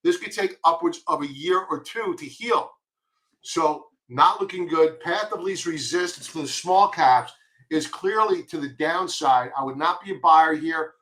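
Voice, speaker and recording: A market commentator with a Long Island accent delivers blunt, emphatic stock chart commentary and keeps repeating his warnings. His voice is on the high side and sharp, at a measured pace.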